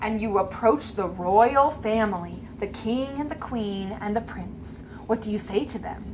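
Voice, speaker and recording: A woman serving as game master, narrating a tabletop adventure for a child in an animated, gently coaxing way. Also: mid-range voice, measured pace, noisy background.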